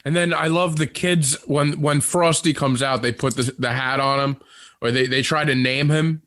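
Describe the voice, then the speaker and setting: A man on a comedy podcast, telling stories in animated casual chat and laughing often. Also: medium pitch, normal speed, no echo. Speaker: podcast co-host.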